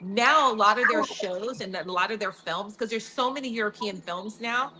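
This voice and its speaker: A woman hosting a casual talk show and telling animated stories. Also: mid-range voice, normal speed, slight background noise, low-quality recording. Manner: chatty storyteller, animated anecdotes. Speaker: host. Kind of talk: casual chat.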